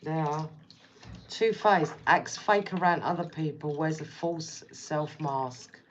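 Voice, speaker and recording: A woman's voice: deep voice, slow, highs cut off, a little hiss or hum. A woman giving a casual tarot reading, speaking bluntly and repeating herself as she addresses the viewer directly. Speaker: tarot reader.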